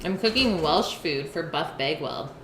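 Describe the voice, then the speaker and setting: A woman talks casually to her stream chat while she eats, pausing between bites to read messages. Her voice sits a little low for a woman. The sound is roomy, with clear background noise in a home kitchen. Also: expressive. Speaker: live-stream cooking host.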